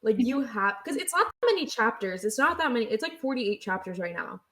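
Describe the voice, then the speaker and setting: High-voiced giggly podcast woman. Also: big pitch swings, fairly quick, a bit bright. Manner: gushing, giggly. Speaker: podcast co-host. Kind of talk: casual chat.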